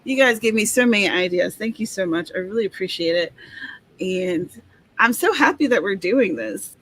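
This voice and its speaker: A woman's voice: medium pitch, lively intonation, moderate pace, fairly bright tone. A woman hosting a casual livestream for writers, chatting, reading out updates and laughing often. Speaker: host, author. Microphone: video call.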